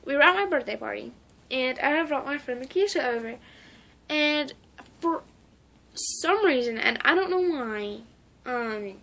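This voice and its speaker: A woman's voice: high voice, expressive, unhurried, pauses often, bright, forceful tone. A woman talking casually in a memorial vlog, rambling with lots of "like" and restarts. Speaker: vlogger.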